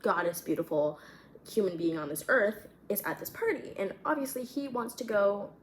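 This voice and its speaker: A woman's voice: mid-range voice, normal speed, slight background noise. A woman vlogger chatting casually and rambling about her young adult novel, filling her sentences with "like". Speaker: vlogger and writer. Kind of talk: casual chat, reading her own fiction. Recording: echoey room, faint ambience.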